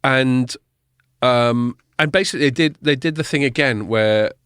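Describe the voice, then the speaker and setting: A man's voice: mid-range voice, normal speed, a bit bright, clean tone, no room sound. Guy rambling on a podcast, lots of ums and restarts, dead dry sound. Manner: chatty, swears casually, many fillers and restarts. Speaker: podcast host. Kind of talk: casual podcast chat.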